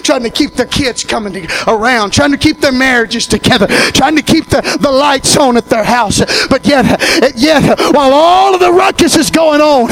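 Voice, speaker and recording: A man, preaching a sermon as pastor, swinging from shouted climaxes to hushed, personal storytelling. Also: very high voice, moderate pace, hardly any pauses.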